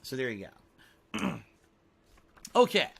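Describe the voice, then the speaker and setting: A man's voice: mid-range voice, wildly swooping pitch, slow, vocal fry, a bit bright, slightly rough. A man live-streaming and talking to his chat, ranting heatedly with a lot of swearing. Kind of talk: unscripted stream talk to chat.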